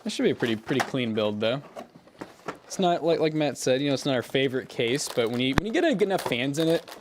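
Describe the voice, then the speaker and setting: Young male streamer, relaxed rambling chat, faint noise behind. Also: medium pitch, quick pace. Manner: relaxed, rambling, answers chat while working. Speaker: PC builder livestream host. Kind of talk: casual livestream chat.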